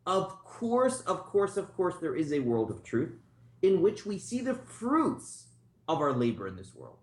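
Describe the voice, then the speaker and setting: Animated rabbi teaching in a roomy hall. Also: male voice, on the high side, unhurried. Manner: conversational, storytelling, asks the class questions. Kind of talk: informal Torah class lecture. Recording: roomy echo.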